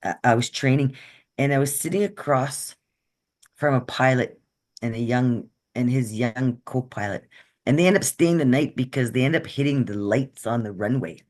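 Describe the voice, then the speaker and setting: A woman's voice: rumbling low, normal speed, darkish tone. A woman from Canada giving an earnest, conversational workshop talk over a video call, often checking in with her listeners. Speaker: guest speaker.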